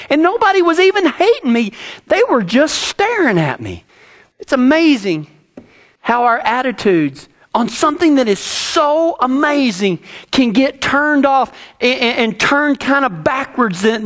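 A man's voice: extremely high pitch, big pitch swings, normal speed, fairly bright tone. A middle-aged man, preaching a sermon and telling a personal story in a folksy way, with many restarts.

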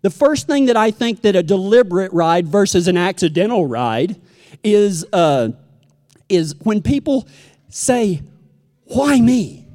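High, lively Texan preacher in a hall. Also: male voice, a little slow. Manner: folksy, storytelling, acts out quotes. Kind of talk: sermon. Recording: long hall reverb.

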